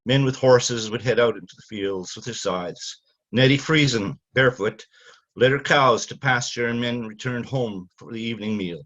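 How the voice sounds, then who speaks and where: An older man from Canada, an author speaking haltingly with many fillers, then reading from his novel. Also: mid-range voice, a bit bright, highs cut off.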